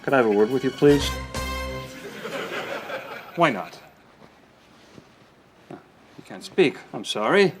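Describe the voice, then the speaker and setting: An actor playing a bumbling, easily confused police detective in a sitcom, over the top. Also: male voice, mid-range voice, lively intonation, slow, long pauses, faint music behind. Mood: officious. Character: bumbling London police detective, middle-aged man. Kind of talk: scripted sitcom acting.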